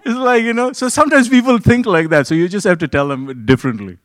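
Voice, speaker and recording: A man preaching a conversational sermon, joking and swinging between loud, excited bursts and hushed, quiet stretches. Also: high voice, fast, no room sound.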